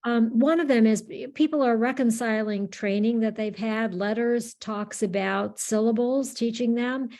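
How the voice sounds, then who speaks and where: A woman's voice: fairly high pitch, a little slow, hardly any pauses, mellow. Hesitant woman webinar moderator. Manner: hesitant, searching phrasing.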